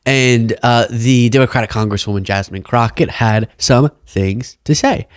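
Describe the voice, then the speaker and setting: A man's voice: medium pitch, normal speed, clean tone, no room sound, clean studio sound. A young man hosting a political commentary show, talking casually and sarcastically and laughing often.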